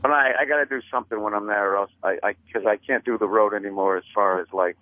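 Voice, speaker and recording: Man, deadpan self-mocking storyteller, casual phone chat, tinny dry phone line. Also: on the low side, fast, dry recording. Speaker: comedian guest on phone.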